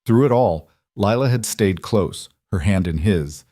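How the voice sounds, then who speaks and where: A man reading a scripted story in an even, measured way. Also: fairly low pitch, no room sound, studio quality. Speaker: narrator.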